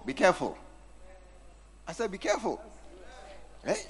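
A man's voice: high-pitched, wildly swooping pitch, normal speed, slight background noise. A man preaching a sermon, teasing and acting out scenes with his congregation. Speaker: pastor.

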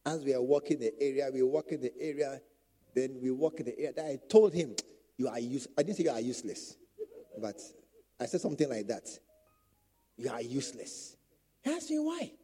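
A man's voice: medium pitch, brisk. A man preaching a sermon to church leaders, repeating phrases and acting out quotes. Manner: animated preaching with repetition and acted quotes. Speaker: pastor.

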